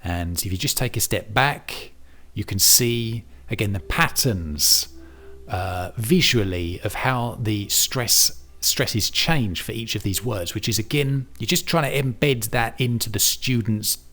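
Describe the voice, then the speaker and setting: A man's voice: fairly low pitch, measured pace, bright, forceful tone. A man teaching English word stress in a chatty, self-deprecating demonstration, thinking aloud as he works through a virtual reality app. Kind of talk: demonstration tutorial.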